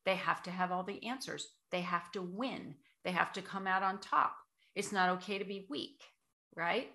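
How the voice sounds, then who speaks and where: A woman who coaches voice and public speaking, giving measured, explanatory answers as an interview guest. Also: lowish voice, creaky, bright, forceful tone.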